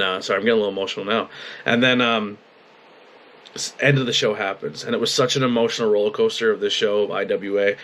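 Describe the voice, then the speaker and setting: A young man talking in a personal video journal, halting and emotional, swearing freely as he rambles about his weekend. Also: lowish voice, fairly bright tone. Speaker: podcast host and wrestling commentator. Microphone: webcam at a desk.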